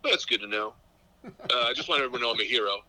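A man's voice: mid-range voice, expressive, rapid-fire, pushed and bright. A male comedian on a phone line, chatting casually and rambling with enthusiasm. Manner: rambling, self-mocking, enthusiastic. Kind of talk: casual chat.

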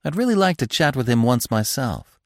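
A man voicing a nervous young female deer who panics easily, crying out in a high, bleating falsetto. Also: big pitch swings, fairly quick, dry recording, clean studio sound, close to an everyday voice. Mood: eager.

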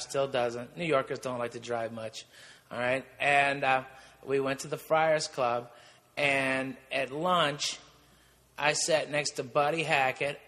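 A man co-hosting a comedy podcast, telling loud, profane anecdotes in a casual way. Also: mid-range voice. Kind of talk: casual storytelling. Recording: long reverb.

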